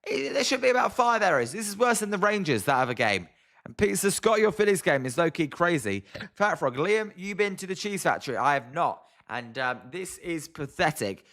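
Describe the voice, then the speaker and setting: Here a British man hosts a laid-back play-by-play watch-along of a ball game on stream, his mid-range voice a bit bright. Exasperated yet talkative, he reads viewer comments out loud and responds.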